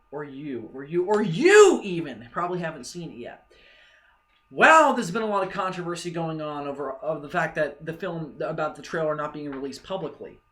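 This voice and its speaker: A young man vlogging casual fan commentary, excitable and profane, rambling with lots of fillers. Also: high-pitched.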